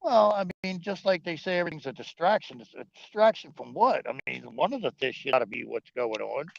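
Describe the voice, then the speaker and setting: A man with a slightly high, very animated voice chats on a livestream. He jokes, swears and laughs a lot. The audio is dry and dull, like low-grade stream sound. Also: fairly quick, vocal fry, no room sound. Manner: joking, profane, laughs often. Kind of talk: casual political chat.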